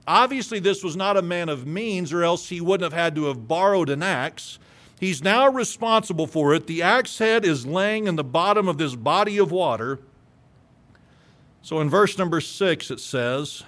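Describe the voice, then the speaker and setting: Male preacher, sermon, emphatic storytelling, high voice, reads scripture aloud. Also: expressive, moderate pace, a bit bright.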